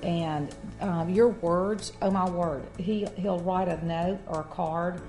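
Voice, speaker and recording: A woman's voice: lowish voice, fairly even intonation, slow pace, darkish tone, faint music behind. A woman co-hosting a faith-based marriage talk, speaking earnestly with frequent fillers and restarts. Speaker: co-host of a Christian marriage talk. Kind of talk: casual faith-based chat.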